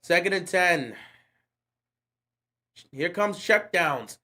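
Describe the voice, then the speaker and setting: In a sing-song voice that sits high and sounds fairly bright, a livestream host delivers football play-by-play at normal speed for a watch-along. Exasperated, he rants at the game in slangy bursts.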